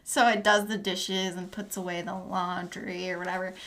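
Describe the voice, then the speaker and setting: An American woman co-hosting a podcast in casual chat, animated and quick to laugh. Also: fairly low pitch. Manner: animated, laughs often, puts on quoted voices. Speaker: podcast co-host.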